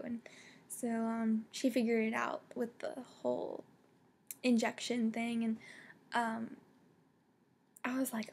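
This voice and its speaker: Young woman gushing about a book, husky voice, kinda high, lots of um and like. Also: slow pace, long pauses. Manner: excitable, many fillers and restarts. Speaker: book vlogger. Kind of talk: casual book review.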